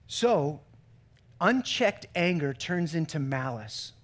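High-voiced man preaching conversationally. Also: expressive, slow, a bit bright. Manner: conversational preaching with joke-telling asides. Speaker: pastor. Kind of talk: sermon.

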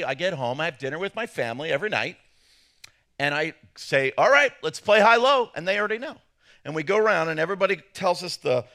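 A middle-aged man preaching a humorous sermon, animated and jokey, acting out little voices. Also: on the high side. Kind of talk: humorous sermon to a men's gathering.

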